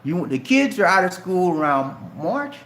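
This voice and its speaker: A middle-aged man from Charleston, South Carolina, with a light Southern Geechee accent, chats casually on a live stream, answering viewer questions and calling them "man" and "bro." His voice is high-pitched, very animated and a bit bright, unhurried in pace, with a reverberant sound.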